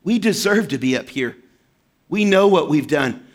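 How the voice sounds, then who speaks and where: A repentant criminal, as a preacher puts him on, low and hushed. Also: male voice, expressive, moderate pace, natural voice. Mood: grave. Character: repentant male criminal, quiet and grave.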